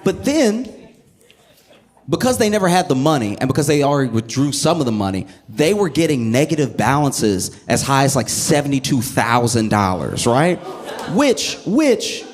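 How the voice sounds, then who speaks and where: A man telling a stand-up comedy bit with animated storytelling, the audience laughing along. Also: medium pitch, moderate pace.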